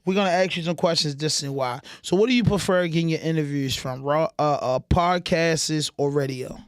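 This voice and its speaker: A man's voice: on the high side, brisk, clean tone, dry recording. A man with a Baltimore accent hosting a podcast, telling stories in a casual, emphatic way. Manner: animated, storytelling, emphatic. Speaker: podcast host. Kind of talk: casual chat.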